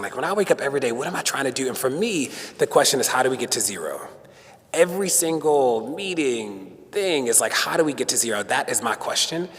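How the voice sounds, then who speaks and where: Guy giving a talk in a big echoey hall, rattles off stories fast and acts out what people said. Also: medium pitch, a bit bright. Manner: storytelling with acted-out quotes. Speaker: guest speaker. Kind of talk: conversational speech to an audience. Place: synagogue hall. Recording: long hall reverb.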